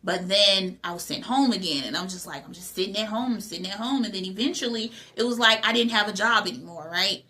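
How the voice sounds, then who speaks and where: A woman's voice: medium pitch, fairly quick, hardly any pauses, pushed and bright. A young adult woman, host of her own channel, giving an emphatic motivational talk about spiritual growth, repeating phrases and asking rhetorical questions.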